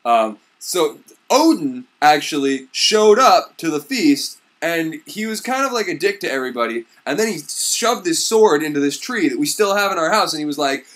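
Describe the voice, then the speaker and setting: A young man retelling a myth as crude, rambling comedy, bursting into excited shouts. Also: a little high, moderate pace. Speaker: comedic storyteller.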